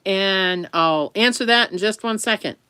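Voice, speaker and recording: A woman's voice: mid-range voice, a little slow, sharp tone, clear, resonant tone, dry recording. A woman talking to camera in a rambling, chatty way, often laughing. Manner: talks affectionately to her dog between remarks. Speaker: vlogger. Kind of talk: casual chat to camera.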